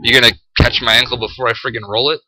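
A teenage high school boy ranting to camera, profane and exasperated, full of "like" and "freaking". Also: flat delivery, fast, bright, forceful tone, no room sound, rough recording. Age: teens. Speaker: high school student vlogger.

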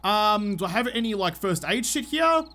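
A man's voice: sits high, sing-song, normal speed, background noise. A young man giving frantic, swearing commentary to himself while playing a video game. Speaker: gaming channel host. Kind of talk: live gameplay commentary.

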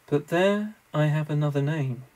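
Aslan, a gentle lion read by a man. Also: on the high side, natural voice, poor audio. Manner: slow, soft, gentle. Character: gentle, wise, loving great lion.

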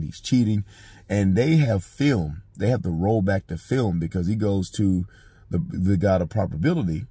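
A man with a low, dark, husky voice, recorded dry and close. He reviews a book in a loose, slangy way and acts out scenes with quoted dialogue. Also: dry recording. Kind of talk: casual book review vlog.

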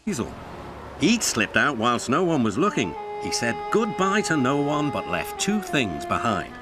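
A man narrating a children's cartoon in a measured, expressive storytelling manner. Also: mid-range voice, music in the background.

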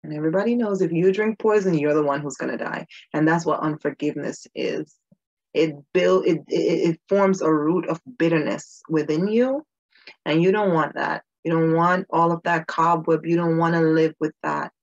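A woman's voice: sits low, normal speed, highs cut off. A woman giving an earnest personal devotional talk, stressing her points by repeating phrases. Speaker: Christian video host.

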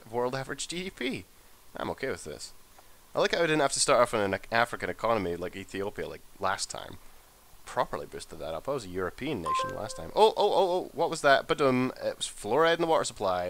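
A man talking through a strategy game in a relaxed let's play, swearing freely and reacting to everything on screen. His voice sits fairly low but swings all over the place, and it has a bright, forceful edge. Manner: sweary, excitable, mutters to himself. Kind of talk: casual gameplay commentary.

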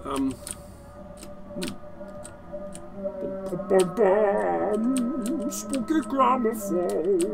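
Young-adult man, casual game commentary, swears and laughs a lot, slightly high voice. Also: creaky. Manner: rambling, sweary, laughs often. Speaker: game streamer. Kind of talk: casual let's-play commentary.

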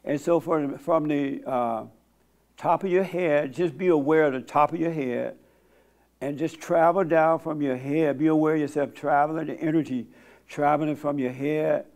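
A man hosting a church meeting, counseling a guest bluntly and then leading a slow guided silent prayer. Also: on the high side, fairly even intonation, a little mellow. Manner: blunt, plain-spoken, teasing; slow, soothing instructions during meditation.

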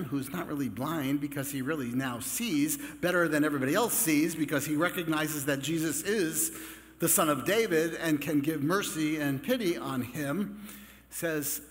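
A man preaching a Catholic sermon in a relaxed, conversational way, with joking asides to the congregation. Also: on the high side, moderate pace. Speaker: Catholic priest. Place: large church. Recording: long church reverb.

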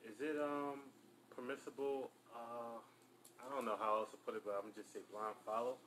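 A male student asking a question in class, hesitant and halting. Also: medium pitch, fairly even intonation, a bit bright, slight background noise, poor audio.

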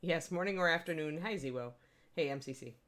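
A middle-aged woman hosts a casual live-stream tutorial on miniature painting, chatty and upbeat as she greets viewers by name. Her voice sits low and is a bit bright, and she speaks briskly.

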